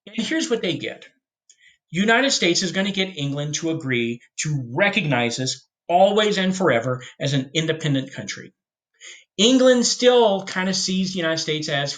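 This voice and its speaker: A man giving a casual history lesson, telling the story with jokes and quick put-on voices for the historical figures. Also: fairly high pitch, very animated, fairly bright tone. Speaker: history teacher.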